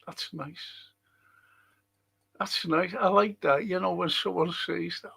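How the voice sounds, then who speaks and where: A man hosts a casual live stream as a historian, chatting and joking with his viewers. He speaks slowly and unhurriedly. His voice is fairly high and has a gravelly, creaky edge. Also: steady tone, bright, forceful tone. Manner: chatty and jokey, greeting viewers by name.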